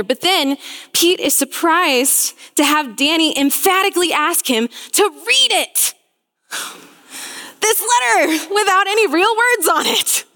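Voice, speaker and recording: A woman's voice: high-pitched, fairly bright tone, big-room sound. A young woman preaching a sermon, telling a story in an earnest, storytelling way.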